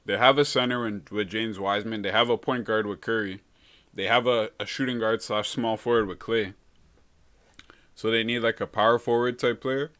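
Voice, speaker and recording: A man's voice: on the low side, fairly even intonation, normal speed, a bit bright. Laid-back young guy chatting. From Canada. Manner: laid-back, calls everyone bro. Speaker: live-stream host. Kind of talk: casual chat reading viewer comments.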